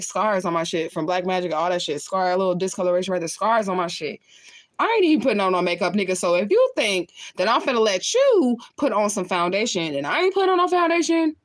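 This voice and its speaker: Casual livestream chatter comes from a spiritual medium whose voice is lowish, captured without echo. She reads viewer comments and talks bluntly, laughing often and swearing plenty.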